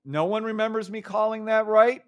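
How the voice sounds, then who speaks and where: A man's voice: high-pitched, steady tone, moderate pace, clear, resonant tone, dry recording, dull audio. A man hosting a live trading stream, explaining charts in a hyped, teasing chat with his viewers and humming along.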